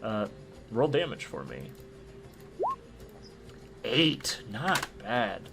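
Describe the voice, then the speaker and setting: A young man acting as dungeon master, narrating combat in a relaxed way with plenty of filler sounds, recorded on a home mic over a voice call. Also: lowish voice, drawn-out words, creaky, loud music behind the voice. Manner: easygoing, many "uh" fillers, vivid combat narration. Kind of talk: narrating a tabletop game online.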